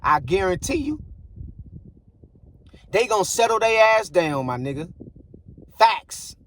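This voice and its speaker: A man's voice: high-pitched, big pitch swings, takes it slowly, fairly bright tone. A man giving blunt, preachy relationship advice in a casual monologue, repeating himself for emphasis. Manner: blunt, preachy, repeats phrases like "bruh" and "I guarantee you". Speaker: relationship commentator.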